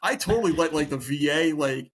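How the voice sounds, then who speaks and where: Middle-aged male cop guest, slightly high voice, profane and animated storyteller. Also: brisk, a little hiss or hum. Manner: profane, animated, acts out his own past thoughts. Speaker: guest, police officer. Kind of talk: casual storytelling interview.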